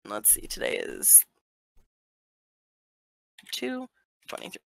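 A woman's voice: slow, a bit bright, no room sound. An American woman with a sore throat, giggling as she hosts an online card game with friends and reads cards aloud with drama. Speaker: streamer hosting a card game. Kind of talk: casual gaming chat.

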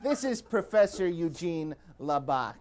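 Someone playing a prim, lively-voiced liberal professor. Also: mid-range voice, unhurried, very noisy. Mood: lecturing. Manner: formal, lecturing speeches. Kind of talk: TV comedy sketch.

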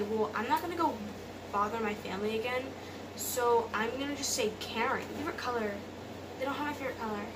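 Picked up by a distant mic amid background noise, this young YouTuber's fairly high voice runs through quiz questions at home. She's chatty, reading the options and reasoning out loud as she answers.

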